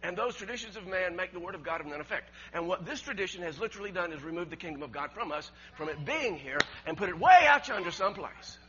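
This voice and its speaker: A man preaching a sermon, emphatic and rising to near shouts, with laughs between his points and words he repeats. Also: sits high, lively intonation, fast talker, few pauses. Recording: dull lo-fi recording with mains hum.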